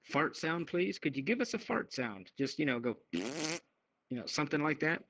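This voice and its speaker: A man's voice: fairly high pitch, very animated, moderate pace, fairly bright tone, lo-fi sound, slight background noise. A man co-hosting a call-in radio chat show, speaking in a dry, matter-of-fact way. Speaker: co-host.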